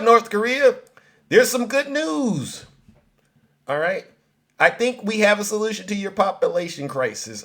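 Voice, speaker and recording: A man hosting a political commentary live stream, mocking and animated, talking straight to his viewers. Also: a little high.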